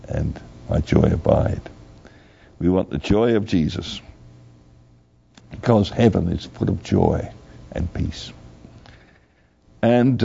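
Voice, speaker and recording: An older man preaching a sermon slowly and earnestly, repeating his key phrases. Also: deep voice, vocal fry, dark tone, slightly rough. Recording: dull lo-fi recording.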